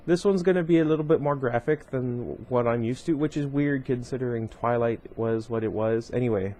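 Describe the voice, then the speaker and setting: A man with a warm, medium-pitched voice reads a novel from a book series aloud at home, going a little fast. He keeps breaking off for rambling side comments stuffed with fillers.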